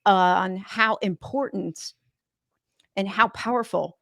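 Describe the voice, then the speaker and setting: A woman's voice: medium pitch, slow, vocal fry, fairly bright tone, dry recording, clean studio sound. A woman podcast host from South Carolina, sharing an earnest, reflective story in casual chat.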